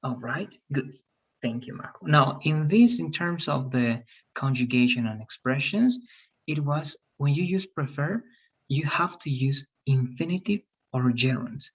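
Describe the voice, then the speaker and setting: A teacher giving feedback and pronunciation drills in an online English class, patiently repeating words slowly. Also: medium pitch, lively intonation, breathy edge, highs cut off.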